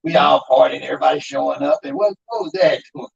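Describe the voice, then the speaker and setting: High husky guy, undertaker host preaching bout grief, keeps calling out to folks, kinda dull lo-fi audio. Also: fast. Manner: emphatic, calls out to the audience with "y'all". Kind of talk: preaching-style talk on grief.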